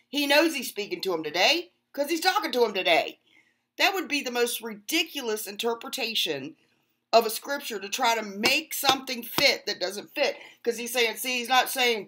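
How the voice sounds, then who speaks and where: A woman's voice: on the high side, animated, normal speed, bright, forceful tone. A woman hosting her own channel, giving earnest, emphatic Bible commentary and talking straight to her viewers. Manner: earnest, emphatic, exasperated at rival interpretations. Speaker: Christian video host. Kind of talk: casual direct-to-camera Bible commentary.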